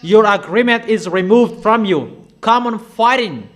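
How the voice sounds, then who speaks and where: A man with a notably high voice delivers a sermon, hammering his points home through repetition. His delivery is declamatory and insistent. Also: animated, unhurried. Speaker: preacher.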